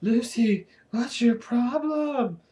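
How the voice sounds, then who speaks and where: A man voicing a dismissive, teasing boy who mutters flatly. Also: very high-pitched, slow, voice pushed up, full character voice.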